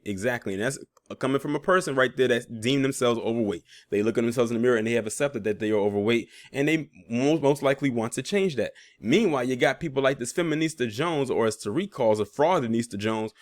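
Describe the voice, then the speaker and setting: A man's voice: mid-range voice, dry recording, studio quality. A man reading out social media posts and reacting with sarcastic, laughing asides, as host of a commentary channel.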